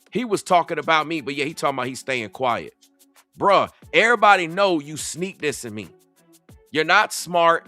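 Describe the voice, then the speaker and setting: Southern guy going off in a reaction video, kinda high voice, sharp and pushy, faint music behind. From Southern United States. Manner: heated, repetitive, confrontational. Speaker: content creator. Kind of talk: reaction commentary. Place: Atlanta.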